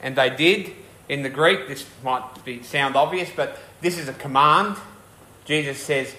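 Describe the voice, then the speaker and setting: A man's voice: on the high side, moderate pace, sharp tone, echoey room. A man preaching a sermon as pastor, earnest and conversational, often asking the congregation questions.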